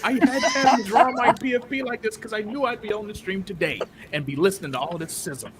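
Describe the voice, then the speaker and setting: A man's voice: sits high, fast, background noise. A man on a live stream's voice call, joking around and talking to the viewers in the chat room. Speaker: guest on a stream.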